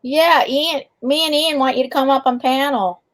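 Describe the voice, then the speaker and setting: Chatty high-voiced woman. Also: fairly even intonation, moderate pace. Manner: chatty, repeats herself, welcoming viewers. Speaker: livestream co-host. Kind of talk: casual chat.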